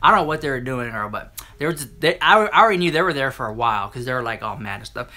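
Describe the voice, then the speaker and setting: A man chatting to a live-stream audience, telling a story in an animated, sassy way and acting out the other people in it. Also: mid-range voice, quick pace. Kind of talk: casual storytelling to a live chat.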